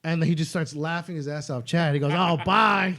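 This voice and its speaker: Fast-talking man telling loose stories. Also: on the high side. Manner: animated, swearing, laughs through stories. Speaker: podcast guest, stand-up comic. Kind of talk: casual storytelling chat.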